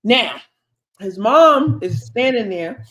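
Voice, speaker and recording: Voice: mid-range voice, lively intonation, fairly bright tone. Podcast co-host, casual storyteller, chatty, mid-range voice. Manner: chatty, drawn-out anecdote with quoted dialogue.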